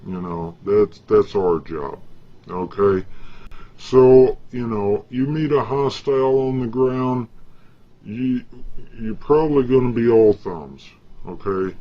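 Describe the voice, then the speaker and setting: A man's voice: mid-range voice, slow pace. A man in a rambling, casual monologue, folksy and boastful, with an aggrieved edge. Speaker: vlogger. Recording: dull lo-fi recording.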